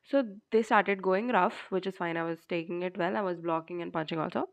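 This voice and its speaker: A woman's voice: fairly low pitch, fairly quick, vocal fry. A young woman, chatting casually in a storytime vlog and filling her talk with "like". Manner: chatty, many fillers like "like". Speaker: vlogger. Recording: dull lo-fi sound.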